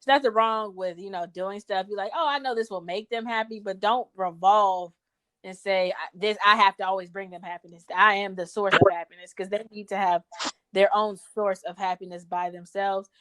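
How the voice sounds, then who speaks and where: A woman's voice: medium pitch, steady tone, moderate pace, a bit bright. A woman co-hosting a casual podcast, talking in a blunt, playful way and swearing casually. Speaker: podcast co-host. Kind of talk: casual chat.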